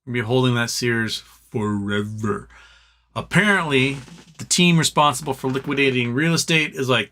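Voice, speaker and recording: A man's voice: mid-range voice, normal speed, pushed and bright, slight background noise. A man hosting a livestream, chatting casually and rambling, acting out other people's lines with exasperation. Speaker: livestream host.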